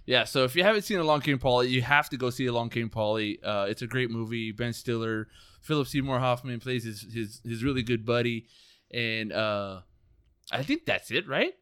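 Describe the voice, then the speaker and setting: A man's voice: medium pitch, animated, moderate pace, a bit bright, smooth, no room sound, clean studio sound. A man hosting a casual podcast chat, eager and casually swearing. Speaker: podcast host.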